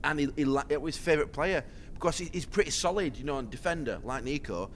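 A middle-aged man co-hosting a football podcast from home, excitable and often cutting in with reactions to the scores. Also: on the high side, quick pace, a little hiss or hum. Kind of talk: casual podcast chat. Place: at home with children around.

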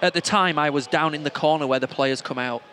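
A man's voice: a little high, fast, bright, forceful tone, slight background noise. A man co-hosting a football podcast from the stadium stands, chatting wryly and reading out listener messages. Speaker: podcast co-host.

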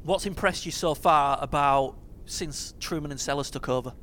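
A man's voice: fairly high pitch, normal speed, fairly bright tone, slight background noise. A middle-aged man hosting a football podcast from home, steering the talk and slipping in dry jokes. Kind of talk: casual podcast chat. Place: at home with children around.

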